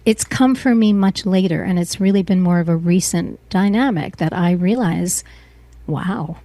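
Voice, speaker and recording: A middle-aged woman as an interview guest, speaking earnestly and emotionally, often pausing and restarting her sentences. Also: lowish voice, mellow, dry recording. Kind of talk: personal interview.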